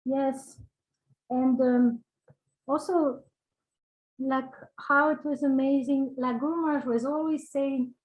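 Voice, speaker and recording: A woman sharing personal memories in casual, halting speech, searching for words with many fillers and little laughs. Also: high voice, fairly even intonation, low-quality recording. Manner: laughs between phrases. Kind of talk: casual spoken reminiscence.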